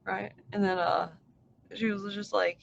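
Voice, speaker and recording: Talking to chat in a slightly slow, gravelly mid-range voice with little pitch movement, this livestreamer wanders from thought to thought, filler-heavy and frequently profane. The recording is muffled, with a little hiss or hum.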